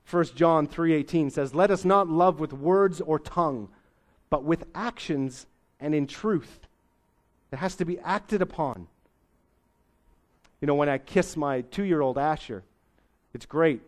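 A man's voice: a little high, a little slow, pauses often. A middle-aged man preaching a sermon as pastor, in a folksy, conversational way with homely sayings.

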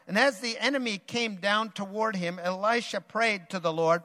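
A man preaching a sermon, reading a Bible story aloud with dramatic swings in loudness and pace. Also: high-pitched, steady tone, normal speed, few pauses, big-room sound.

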